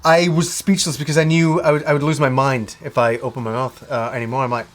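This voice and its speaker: A man's voice: medium pitch, quick pace. A man vlogging about games, telling a frustrating story in a casual ranting way, acting out the dialogue and swearing as he goes. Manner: animated retelling with swearing and acted-out dialogue. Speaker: video game vlogger.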